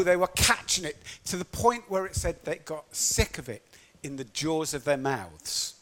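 A man preaching a sermon in an animated storytelling manner, acting out quotes as he goes. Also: high-pitched.

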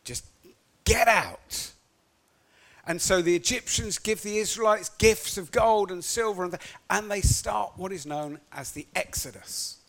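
High-voiced, animated male preacher. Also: moderate pace, gravelly. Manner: animated storytelling with acted-out quotes. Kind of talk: sermon.

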